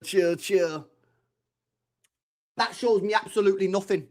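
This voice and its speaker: A young man live-streaming his reaction to a football match, excitable and slangy, shouting at the screen and swearing. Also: high-pitched, unhurried.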